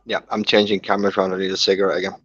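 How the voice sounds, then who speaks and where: A man's voice: low-pitched, completely flat delivery, very fast, fairly bright tone, breathy edge, lo-fi sound. A man with a Mancunian accent in a laid-back, dry casual chat over a call.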